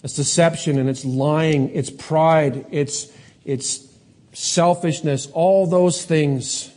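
A man preaching a sermon, asking rhetorical questions and slowing down to stress key words. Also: fairly high pitch, steady tone, a little mellow. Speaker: pastor.

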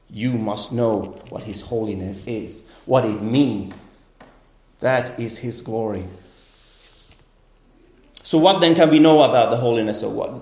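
A man's voice: medium pitch, mellow. A man preaching a sermon, earnest, often repeating words and restarting phrases as he explains. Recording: echoey room.

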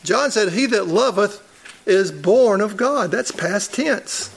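A man's voice: high voice, expressive, slow, creaky, a little hiss or hum. A man, a church elder, preaching a sermon in a conversational storytelling way and chuckling at his own stories.

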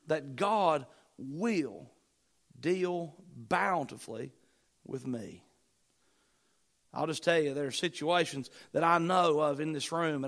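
Guy preaching in church, kinda high voice, gets loud then drops way down and slows on key words. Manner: preaching with swings in volume and pitch, slowing for emphasis. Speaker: pastor. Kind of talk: sermon.

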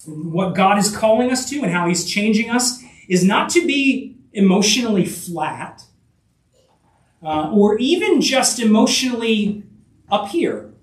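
High-voiced preacher in an echoey room. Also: male voice, sing-song, distant mic. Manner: halting, many restarts and fillers, rhetorical questions. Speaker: pastor. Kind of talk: sermon.

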